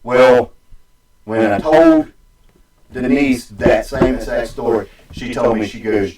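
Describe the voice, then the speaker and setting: A man's voice: medium pitch, a little mellow. A man spins a long story in a casual, rambling way. He stops and restarts often, and his voice rings around a roomy space, heard from some way off the mic. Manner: rambling, halting, with many restarts and fillers. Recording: echoey room, distant mic.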